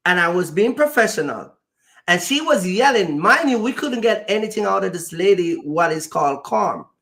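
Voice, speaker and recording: High, gravelly-voiced man telling stories. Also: animated, moderate pace, pushed and bright. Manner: emphatic, acts out quoted exchanges. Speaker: trucking company owner and show host. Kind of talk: animated storytelling chat.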